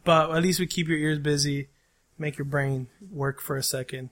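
A man's voice: on the high side, fairly even intonation, normal speed, fairly bright tone. A man co-hosting a podcast in crude casual banter, teasing his friend, swearing and saying "bro" a lot, sweaty from talking in a small room. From Mexican heritage, living in the US. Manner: profane, teasing, says "bro" often. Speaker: podcast co-host.

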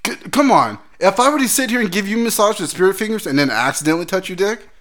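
A man's voice: sits high, expressive, quick pace, fairly bright tone. Man, crude storyteller, laughs a lot, acts out quotes, podcast chat. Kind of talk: casual chat.

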